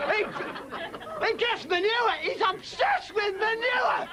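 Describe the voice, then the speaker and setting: Male comic, high strained shouting voice, slow emphatic rant, bright edge, audience laughter on old tape. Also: expressive, over a noisy crowd, heavy background noise. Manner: ranting, slow and emphatic, bursts of outrage. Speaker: comedian. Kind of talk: stand-up rant before a studio audience. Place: television studio with live audience.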